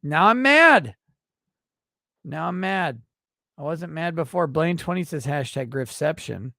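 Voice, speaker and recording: A man with a fairly high-pitched, gravelly voice runs a livestream, speaking at normal speed as he reads out super chats and fires back with crude, profane rants of mock indignation. The sound is dry and clean, studio quality.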